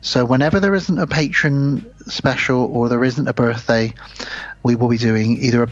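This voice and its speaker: A man's voice: mid-range voice, fairly even intonation, normal speed. A man hosting a horror film podcast, chatting casually and rambling a little at his own expense. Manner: chatty, rambling, self-deprecating. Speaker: podcast host. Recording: slightly dull lo-fi sound.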